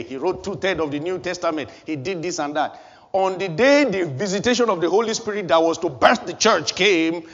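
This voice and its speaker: High-voiced preaching man in a hall. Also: fairly bright tone, lo-fi sound. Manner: preaching with rising emphasis and repeated phrases. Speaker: pastor. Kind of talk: sermon.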